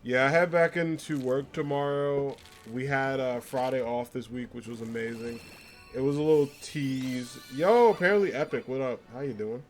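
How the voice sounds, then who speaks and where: A man's voice: mid-range voice, moderate pace. A man streaming a video game, chatting casually with his viewers, rambling with lots of fillers and frequent laughs while he answers their comments. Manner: reads viewer comments aloud and answers them. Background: faint game music.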